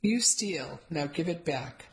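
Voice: mid-range voice, expressive, slow. A reader voicing an elderly Italian woman who speaks broken English and accuses people dramatically. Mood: shrill accusing.

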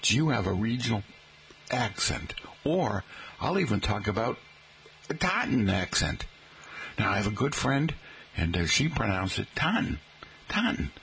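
A man's voice: fairly low pitch, lively intonation, moderate pace, gravelly, fairly bright tone, a little hiss or hum. An older man with a Boston accent hosting a radio talk show, rambling and joking with many fillers and restarts. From Boston area, Massachusetts. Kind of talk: casual monologue to listeners.

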